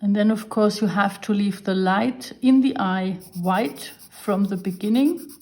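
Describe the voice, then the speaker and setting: A woman's voice: mid-range voice, a little slow, darkish tone. A woman giving a drawing lesson, patiently explaining each step while she draws. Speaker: art teacher.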